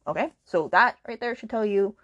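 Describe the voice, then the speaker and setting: A woman's voice: mid-range voice, brisk, a bit bright, no echo, lo-fi sound. A woman hosting a podcast, talking through a book in a casual, indignant and sarcastic rant, with many asides to the listener. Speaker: podcast host.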